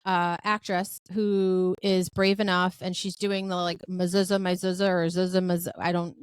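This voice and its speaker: A woman's voice: lowish voice, moderate pace, clear, resonant tone. A woman hosting a podcast in casual chat, talking in a chatty, effusive way with plenty of filler words. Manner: lively storyteller who acts out quoted dialogue. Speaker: podcast host.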